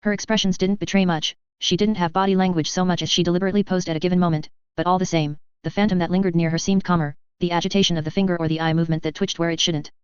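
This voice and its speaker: Clear, low-voiced woman narrating. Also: steady tone, very fast, few pauses, dry recording. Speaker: audiobook narrator. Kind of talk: first-person novel narration. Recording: slightly dull lo-fi.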